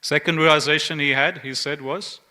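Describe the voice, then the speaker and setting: A man's voice: a little high, moderate pace. A man giving a scripture class at a temple, telling an anecdote and acting out its dialogue. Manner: narrates an anecdote with lively quoted dialogue.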